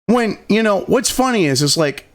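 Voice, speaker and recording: A man's voice: sits high, lively intonation, moderate pace. A man from New England ranting angrily about politics, swearing constantly and dripping with sarcasm. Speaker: political commentary host. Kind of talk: profane political rant.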